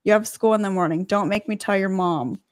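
A woman co-hosting a casual podcast, reading out messages with a dry, deadpan delivery. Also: mid-range voice, brisk, a little hiss or hum. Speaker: podcast co-host.

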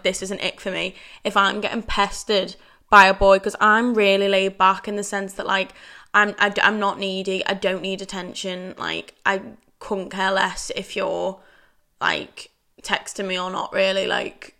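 A woman's voice: mid-range voice, gravelly, sharp tone. A young woman hosting a casual solo podcast, rambling chattily and filling every sentence with "like". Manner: chatty, rambling, says "like" constantly. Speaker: podcast host.

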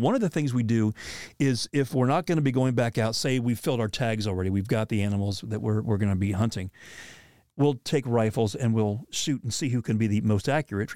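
A man recounts an outdoor hunting trip in relaxed storytelling mode, mid-pitched, jumping between quick asides and acted-out exchanges. His delivery is full of restarts and sudden lifts in energy. The recording is dry and close, with no room sound. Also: dry recording. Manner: animated, with many restarts and acted quotes. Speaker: guest telling a hunting story. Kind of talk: casual storytelling.

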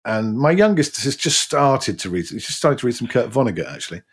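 A middle-aged man hosting a casual interview, reacting with warm, jokey asides. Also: medium pitch, big pitch swings, a little fast, breathy edge. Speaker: podcast host.

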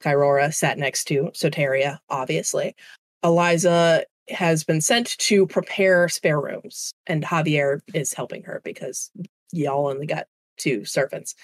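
A woman's voice: low voice, a little slow, dry recording. A woman running a tabletop game as game master, narrating casually with swearing and laughter.

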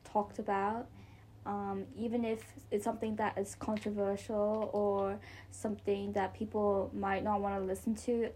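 A woman's voice: mid-range voice, flat delivery, unhurried, dark tone, slight background noise. Rambling teenage girl, filler-heavy chat. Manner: rambling, full of "like" fillers, laughs while telling stories. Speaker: podcast co-host. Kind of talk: casual chat.

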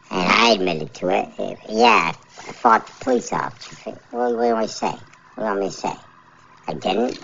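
A man's voice: lowish voice, vocal fry, bright, forceful tone, slight background noise. A man ranting alone on his podcast, rambling and irritated, repeating his phrases. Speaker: podcast host. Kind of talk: solo podcast rant. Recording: dull lo-fi recording.

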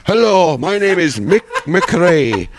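A man's voice: sits high, big pitch swings, takes it slowly, background noise, pitched above the performer's own voice, full character voice. A man putting on a rowdy Irish drinker. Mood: jolly. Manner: loud, laughing through the lines. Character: boisterous hard-drinking Irish man, jokey caricature.

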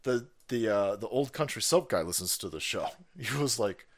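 A man's voice: on the low side, normal speed. A man hosting a live stream, chatting casually and profanely, laughing often and reading viewer messages aloud. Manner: animated, jumps into loud voices for stories. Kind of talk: casual rambling stream chat.

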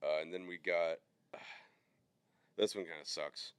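This podcast co-host has a deep, steady voice and an unhurried delivery, recorded clean and dry. He rambles loosely through a casual chat about sports bets, packing in plenty of fillers.

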